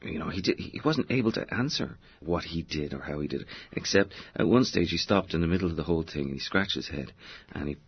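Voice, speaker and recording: Deep husky Irish man, rambling storyteller. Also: expressive, quick pace, dull audio. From Ireland. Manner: expansive, digressive storyteller with many fillers. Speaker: novelist guest. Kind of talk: conversational interview answers.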